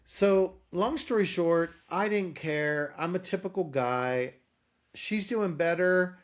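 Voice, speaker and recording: A company founder, a guest in an interview, tells a personal story in a high-pitched voice at a slow pace. He's animated, acting out the voices of the people in it, with slight background noise behind him.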